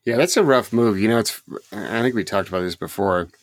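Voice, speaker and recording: A man's voice: on the low side, a little fast, no room sound. A man co-hosting a podcast, talking in rambling casual chat, laughing often and restarting his sentences. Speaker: podcast co-host.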